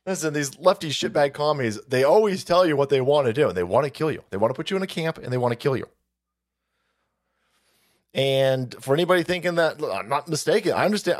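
Gravelly-voiced man ranting on a stream. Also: a little high, lively intonation, a little fast. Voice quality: gravelly, fried voice. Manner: crude, joking, rambling, laughs often. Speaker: livestream host. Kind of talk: foul-mouthed political rant stream.

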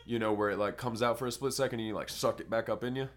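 A man's voice: medium pitch, steady tone, quick pace. A young man on a podcast, rambling through a crude story in casual chat. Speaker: podcast co-host.

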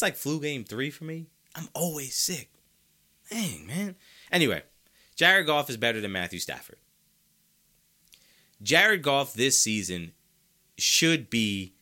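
Sick, animated man ranting about sports. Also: fairly low pitch. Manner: emphatic, repeats points for effect. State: sick, congested. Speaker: podcast host. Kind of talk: opinionated sports talk.

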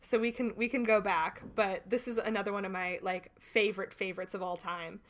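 A woman's voice: mid-range voice, fairly even intonation, brisk, a bit bright. A woman co-hosting a podcast, chatting casually and laughing easily about favorite movie lines. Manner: giggly, easily amused. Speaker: podcast co-host. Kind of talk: casual chat.

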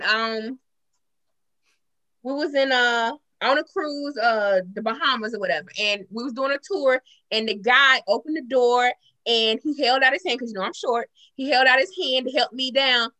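A woman in casual chat, telling lively stories that turn loud and high when she gets worked up. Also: moderate pace. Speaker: panel guest.

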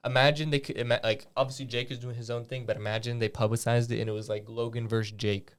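A man's voice: medium pitch, little pitch movement, fast talker, smooth. A young man co-hosting a podcast in casual chat, rambling with lots of fillers and restarts, and swearing freely. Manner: frequent swearing. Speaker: podcast co-host.

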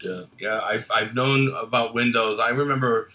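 A man's voice: medium pitch, fairly even intonation, moderate pace, sharp tone. A man, a film director and guest, telling rambling anecdotes in casual chat and laughing often.

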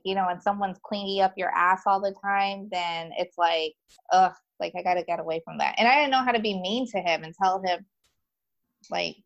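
A woman telling her own story in casual conversation as a guest, chatty and animated, with many fillers, voicing the people in it. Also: medium pitch, vocal fry, lo-fi sound.

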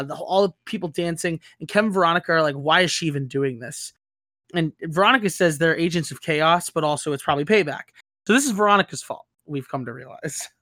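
A woman's voice: on the low side, a bit bright, no echo. Young woman host, rambling recap chatter, dry mic. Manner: rambling, laughing, acts out quotes. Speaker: podcast host. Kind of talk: casual recap chat.

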